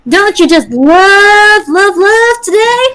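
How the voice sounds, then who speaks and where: A flirtatious southern belle, put on by a woman drawls in a slow, sing-song American Southern accent. Her voice sits high and bright. She dwells on every word while looking for her soulmate. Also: expressive, exaggerated voice, rough recording. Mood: flirty.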